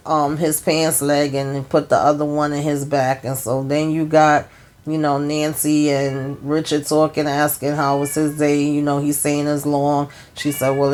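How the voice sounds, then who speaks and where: A woman's voice: deep voice, a little mellow. A woman giving a casual, colloquial recap of a TV episode, retelling scenes through quoted dialogue and breaking in with her own exclamations. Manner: colloquial, frequent fillers. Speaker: TV recap host.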